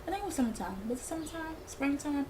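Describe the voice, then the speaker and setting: A woman's voice: high-pitched, animated, fast talker, background noise. A young woman telling a rambling, slangy storytime for her vlog. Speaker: vlogger. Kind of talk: casual storytime.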